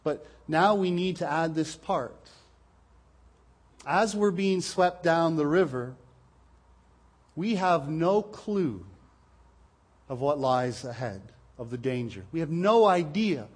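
Earnest male preacher, slightly high voice. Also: lively intonation, takes it slowly, long pauses. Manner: earnest, repeats words when stressing points. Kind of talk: sermon.

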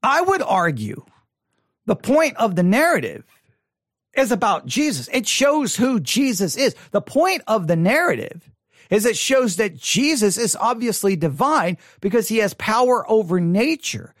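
A man with a fairly high voice teaches a Bible study, reading old scripture aloud and then unpacking it in loose conversational speech. He often repeats or restarts his words as he thinks. The sound is dry and close, with no room around it. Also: very animated, a little slow, fairly bright tone, no echo. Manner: mildly critical of typical sermons.

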